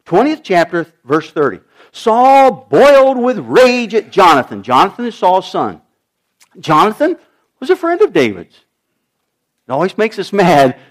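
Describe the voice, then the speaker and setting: Animated preacher man, high and lively. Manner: animated preaching, voice rising high and dropping low for emphasis. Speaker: pastor. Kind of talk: sermon.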